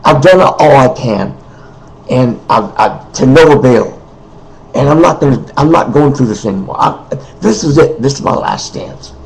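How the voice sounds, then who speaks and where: Man, gravelly voice, weary, emotional, halting, throat-clearing, unscripted personal monologue. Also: mid-range voice, animated, a little mellow, rough recording. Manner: halting and emotional, repeats himself, often clears his throat. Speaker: person making a personal appeal.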